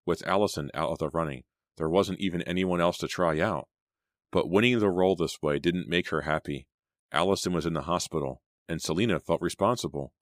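A man narrating an audiobook in a measured storytelling manner. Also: low-pitched, no room sound. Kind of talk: scripted narration. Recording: dry close studio sound.

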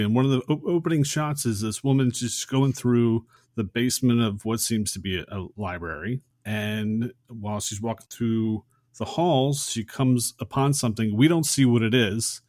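A man's voice: medium pitch, moderate pace, a little mellow, no room sound, studio quality. A man co-hosting a casual podcast, summarizing a film in a friendly way. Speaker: podcast co-host.

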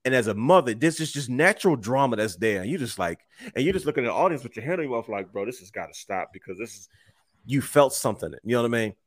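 A man's voice: medium pitch, quick pace, slightly rough, dry recording. A man co-hosting a casual wrestling podcast, retelling matches with acted-out quotes. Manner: animated storyteller, acts out quotes. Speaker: podcast co-host.

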